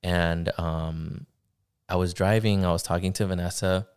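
A young man telling a personal story in casual podcast conversation, halting, with many fillers and restarts. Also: sits low, steady tone, darkish tone, clean tone. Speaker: podcast guest.

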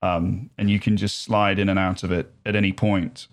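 A man's voice: sits low, little pitch movement, normal speed. A man chatting casually as an interview guest, speaking in a put-on English accent with frequent restarts and fillers. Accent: English-style commentator accent, put on by an American. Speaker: guest, streamer and sports commentator.

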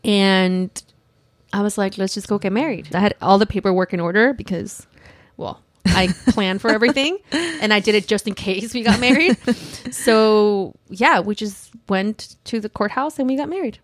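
A woman's voice: mid-range voice, normal speed, no room sound, studio quality. A young woman telling a personal story on a podcast in a rambling way, filling her talk with "like" and getting emotional. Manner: rambling, heavy use of "like", emotional.

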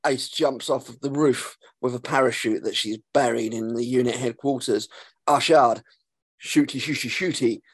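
A podcast host recaps an episode in a casual, sarcastic style, swearing freely and filling pauses with um. His voice is medium-pitched and husky, with no room sound.

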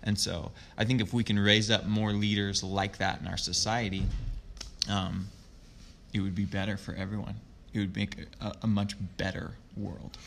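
Low gravelly-voiced man, reflective coach. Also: flat delivery, normal speed, slight background noise. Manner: reflective, earnest storytelling with soft trailing phrases. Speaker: youth sports coach. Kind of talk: conversational interview.

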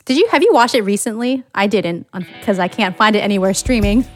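A woman's voice: mid-range voice, a little fast, soft background music. A woman from the United States hosting a podcast, chatting casually and thinking aloud with frequent restarts. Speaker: podcast host.

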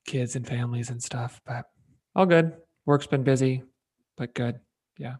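A man's voice: medium pitch, unhurried, darkish tone, slightly rough. A man, a fitness trainer, co-hosting a podcast in an upbeat, rambling way and laughing often. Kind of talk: casual chat.

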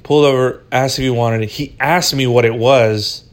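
A man's voice: mid-range voice, steady tone, moderate pace. A man hosting a podcast, telling a personal story in a loose, rambling way, swearing freely and leaning on "dude" and "right?". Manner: profane, rambling, says "dude" and "right?" often. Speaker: podcast host. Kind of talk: casual storytelling.

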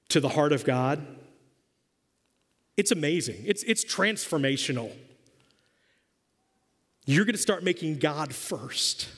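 A man preaching a sermon as pastor, emphatic and quizzing his congregation in a church hall. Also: a little high. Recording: long hall reverb.

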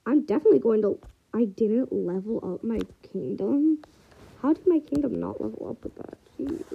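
A young woman casually chatting to herself while playing a game and watching videos, excitable and slangy, swinging between loud outbursts and quiet mutters. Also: high-pitched, vocal fry, husky, narrow, tinny audio. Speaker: vlogger. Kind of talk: casual gaming commentary.

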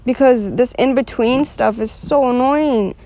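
Frustrated young woman venting, high voice. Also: a little slow, mellow. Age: young adult. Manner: frank, rambling, swears freely, many "like" fillers; frustrated and restless. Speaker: vlogger. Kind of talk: unscripted confessional monologue.

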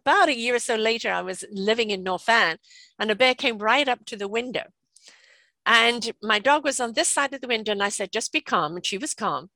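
A British woman in her sixties telling stories in a chatty, lively way, often laughing and checking in with "right?". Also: a little high, a little fast, creaky, dry recording. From Britain. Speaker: guest. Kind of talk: casual storytelling conversation.

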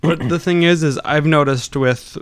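A man's voice: on the high side, moderate pace, clear, resonant tone, dry recording. A man with a Wisconsin accent chatting casually on a podcast. He rambles, and his speech is loose and a little slurred. The sound is dry and close.

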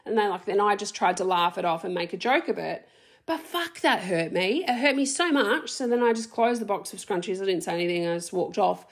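A woman's voice: mid-range voice, fairly quick, few pauses. A woman in her thirties speaking in a raw, emotional personal vlog, swearing heavily and rambling through restarts. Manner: rambling, restarts, many fillers. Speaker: vlogger.

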